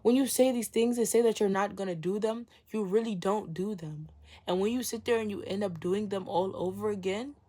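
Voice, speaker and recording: A woman's voice: medium pitch, fairly quick, warm tone. A young woman talking frankly to camera about self-respect, slangy and blunt, swearing freely and acting out her own inner dialogue. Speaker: vlogger. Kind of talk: candid self-help talk to camera.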